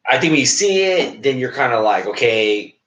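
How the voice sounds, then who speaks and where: A man co-hosting a casual podcast chat, blunt and quick to swear. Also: sing-song, a bit bright. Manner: fast, blunt, swears freely. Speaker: podcast co-host. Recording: roomy, dull low-fi sound.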